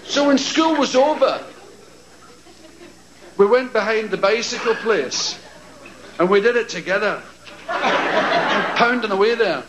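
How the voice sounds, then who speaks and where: A man doing stand-up, telling a profane story in an animated way and shouting out impressions. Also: high-pitched, a little slow, pauses often, background noise. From Scotland. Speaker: stand-up comedian. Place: large theatre stage. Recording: echoey live theatre with loud crowd.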